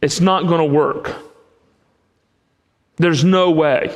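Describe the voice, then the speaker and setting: A man preaching a sermon in an emphatic way, with long pauses between phrases. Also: a little high, steady tone. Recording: long hall reverb.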